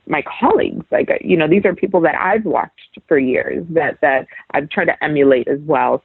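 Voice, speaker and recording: A woman's voice: sits low, husky, dry recording. A young woman from New York City, a sports reporter guest, chatting casually with lots of fillers and restarts over a remote call. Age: young adult. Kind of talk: casual interview chat. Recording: tinny phone-like line.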